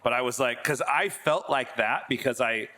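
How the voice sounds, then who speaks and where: A male pastor with a bright, forceful voice, chatting casually. His humor is dry and his reactions come quickly, so his jokes land in a deadpan way. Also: mid-range voice. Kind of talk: casual chat.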